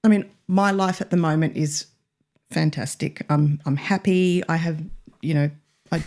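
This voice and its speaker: A woman with a fairly low voice co-hosts a casual radio chat. She speaks in an open, emotional and reflective way, slowing down when she recalls her feelings. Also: fairly even intonation, a little mellow. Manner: emotional, reflective, slow in places. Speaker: radio co-host.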